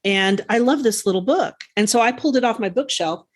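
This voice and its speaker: A woman co-hosting a gardening podcast, chatting casually and enthusiastically, quick to laugh. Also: on the high side. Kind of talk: casual chat.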